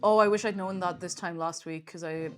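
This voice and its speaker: A woman's voice: fairly low pitch, fairly even intonation, fairly quick, soft background music. A young woman with an Irish accent, chatting casually on a live stream, rambling and laughing often.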